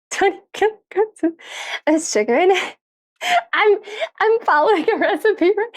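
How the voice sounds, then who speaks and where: A young woman streaming live from her kitchen, chatting casually with viewers and her pets, laughing often and swearing freely. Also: sits high. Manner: giggly, swears freely, talks to chat and pets. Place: home kitchen.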